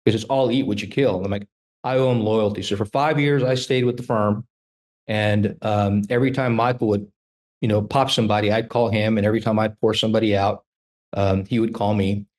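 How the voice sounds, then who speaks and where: A man in his fifties, a trial lawyer telling animated stories in a casual interview and acting out the dialogue. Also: fairly low pitch, a little fast.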